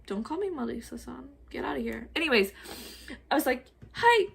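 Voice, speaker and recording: A young adult woman telling a story in a casual vlog, animated and swearing, laughing as she goes. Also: sits high, a little fast, creaky, a little hiss or hum. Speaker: vlogger.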